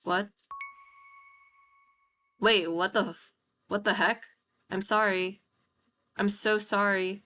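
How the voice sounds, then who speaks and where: A woman's voice: medium pitch, fairly even intonation, slow pace, long pauses, bright, forceful tone. A woman streamer reading a visual novel aloud while playing, reacting with gasps and apologies between lines.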